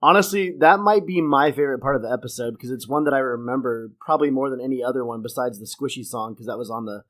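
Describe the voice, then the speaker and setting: A man co-hosting a podcast, chatting casually in a relaxed, joking way with slight hesitations. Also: mid-range voice, fast. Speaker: podcast co-host. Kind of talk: casual chat.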